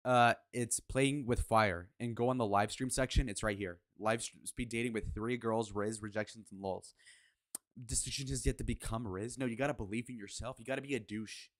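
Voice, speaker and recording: A man's voice: medium pitch, steady tone, moderate pace, no room sound, clean studio sound. A man hosting a live reaction stream, talking in a brash, crude, mocking way. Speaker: livestream reaction host. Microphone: headphones on, desk mic.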